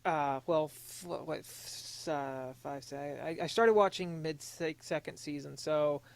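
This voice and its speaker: High-voiced earnest young man. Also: gravelly, clean tone, dry recording. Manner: earnest, halting, with many restarts; emotionally open, confessional. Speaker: podcast co-host. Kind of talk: casual podcast talk.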